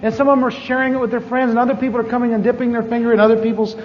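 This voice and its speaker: A preacher telling a personal testimony in a sermon, animated and chuckling, repeating his words for effect. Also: very high voice, racing, a little hiss or hum. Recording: dull lo-fi audio with long hall reverb.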